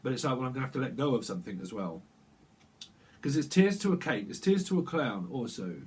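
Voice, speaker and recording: A man's voice: mid-range voice, sing-song, quick pace, a little mellow, husky, poor audio. A man giving a casual, rambling tarot reading, chatty and prone to breaking into snatches of song. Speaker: tarot reader.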